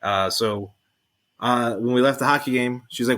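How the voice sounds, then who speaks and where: A man co-hosting a podcast, telling a casual story in a deadpan way and acting out other people's lines. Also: medium pitch, moderate pace. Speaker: podcast co-host.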